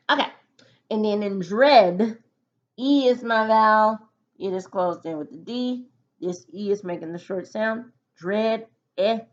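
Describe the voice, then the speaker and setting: Slow, patient teacher sounding out syllables. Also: female voice, fairly low pitch, highs cut off. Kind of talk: recorded phonics lesson for children.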